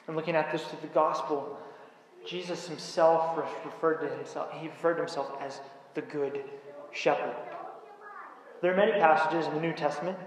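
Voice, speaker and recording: Man preaching, slightly high voice, deliberate pauses, booming church echo, faint hiss. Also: steady tone. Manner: measured, emphatic pauses on key words. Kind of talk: sermon. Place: church sanctuary.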